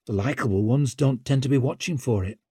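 A man voicing a nervous young sidekick who speaks in an anxious, higher, breathless way, in an audiobook. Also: a little fast, mellow, slightly rough, dry recording, studio quality, lightly acted.

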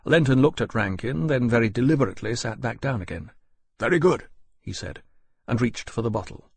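A man narrating an audiobook in a measured, even storytelling manner. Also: medium pitch, vocal fry, slightly rough. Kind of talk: scripted narration.

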